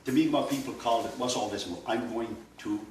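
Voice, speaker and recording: An older man from Nova Scotia teaches a language workshop in a loose, anecdotal way, with plenty of fillers. His mid-pitched voice comes from off the mic in an echoey room. A faint hum sits underneath. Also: fast, a little mellow, distant mic. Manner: digressive and anecdotal, with frequent fillers and chuckles. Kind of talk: informal classroom lecture.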